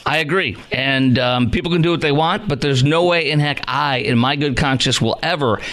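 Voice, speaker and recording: A man's voice: fairly high pitch, normal speed, fairly bright tone. A man hosting a call-in radio talk show, ranting with heated indignation and stumbling over his words. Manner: heated, indignant, stammers and restarts. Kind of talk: angry call-in radio rant. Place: radio studio.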